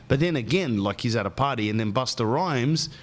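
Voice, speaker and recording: A man's voice: medium pitch, lively intonation, a little fast. A man hosting a podcast, telling rambling stories in casual, slang-filled chat. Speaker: podcast host.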